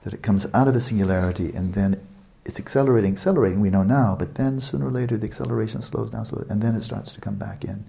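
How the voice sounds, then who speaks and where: A man's voice: lowish voice, quick pace, gravelly, hardly any pauses, mellow. A man giving a retreat dharma talk as a meditation teacher, explaining at length, repeating words for emphasis and turning to the listeners with asides.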